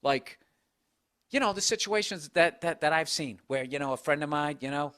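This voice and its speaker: A man's voice: on the high side, animated, normal speed, bright, forceful tone, clear, resonant tone, no echo. A man hosting a podcast, talking in a blunt, profane, ranting way, mocking himself as he goes. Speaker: podcast host. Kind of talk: casual chat.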